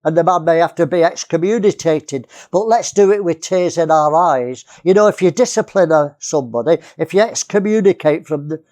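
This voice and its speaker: A man's voice: on the high side, a little fast, few pauses, darkish tone. A man from England preaching a sermon, earnest, repeating key phrases and often restarting.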